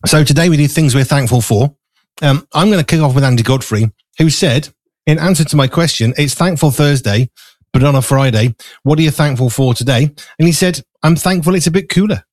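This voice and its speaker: Guy hosting a live show, slightly high voice, chatty and rambly, bit out of breath, dry close sound. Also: a little fast, dry recording. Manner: chatty, rambling with fillers, eating while talking. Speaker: show host. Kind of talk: casual live studio chat. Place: small studio.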